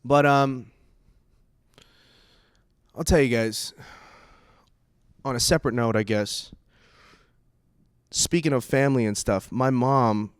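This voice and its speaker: A young man doing a stand-up comedy set. He talks in a casual, profane way and breaks into loud, exasperated outbursts. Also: mid-range voice, slow pace, long pauses, clear, resonant tone, dry recording, clean studio sound. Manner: animated, swings into loud exasperated bursts; profane, conversational.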